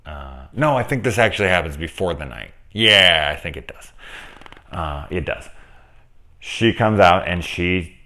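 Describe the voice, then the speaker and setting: A man talking casually through a movie review, rambling, correcting himself, and getting lively when he retells scenes. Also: very deep voice. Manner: rambling, conversational, self-correcting. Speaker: film reviewer.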